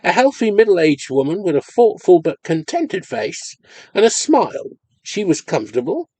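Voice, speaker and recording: A man reading a ghost story aloud as an audiobook in expressive, measured storytelling. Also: high voice, dry recording. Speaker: audiobook reader. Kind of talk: scripted narration of a ghost story.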